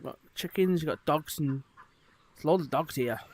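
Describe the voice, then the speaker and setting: A man's voice: a little high, normal speed, darkish tone. A man chatting casually to his viewers while exploring in a VR headset, rambling with lots of fillers. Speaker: streamer. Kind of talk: casual live-stream chat.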